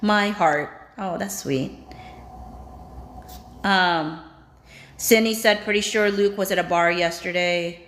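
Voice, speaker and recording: Low-voiced woman reading chat comments. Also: slow, long pauses, fairly bright tone. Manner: reads viewer comments aloud and reacts with chatty asides. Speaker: livestream host. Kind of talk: casual live-chat reading. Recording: roomy echo.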